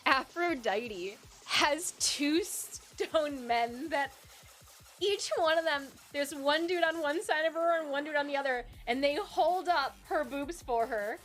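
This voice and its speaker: A young adult woman streamer from Michigan, chatting casually with her viewers and often breaking into loud laughter. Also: sits high, slow, soft background music. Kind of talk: casual live-stream chat while drawing.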